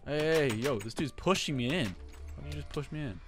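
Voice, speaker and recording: A man giving frantic, excitable live commentary over his own gameplay, swearing often. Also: medium pitch, brisk, soft background music. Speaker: gaming video creator.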